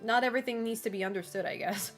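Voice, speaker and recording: Chatty higher-voiced woman streamer. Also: fast talker, faint music behind. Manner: loose and chatty, full of "like" and "you know"; laughs often between remarks. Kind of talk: casual chat with a live chat.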